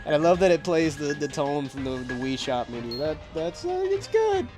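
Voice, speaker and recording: A man's voice: fairly high pitch, fairly quick. A young man hosting a let's play, rambling and self-deprecating in casual gameplay commentary, often stumbling over words. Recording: game music behind.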